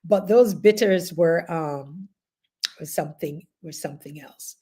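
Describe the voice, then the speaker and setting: Her voice is fairly low, husky and measured: a middle-aged Jamaican-accented woman hosting a casual group chat. She's animated and chatty, laughing while she tells stories.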